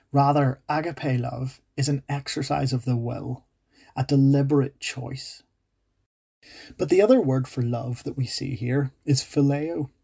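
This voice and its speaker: A man's voice: mid-range voice, creaky, darkish tone, husky. A man preaching a sermon in an earnest way, acting out quoted dialogue with rising intensity.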